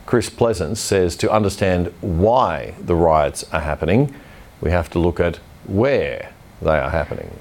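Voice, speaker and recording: A man's voice: low-pitched, expressive, measured pace, a little mellow. Blunt male news host. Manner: blunt, opinionated delivery. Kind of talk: scripted news commentary.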